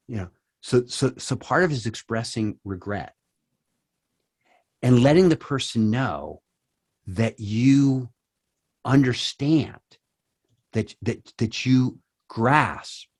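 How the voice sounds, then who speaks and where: A man's voice: medium pitch, takes it slowly, long pauses, no room sound, clean studio sound. A middle-aged man speaking at a church, acting out quoted apologies with many restarts. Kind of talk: conversational church talk.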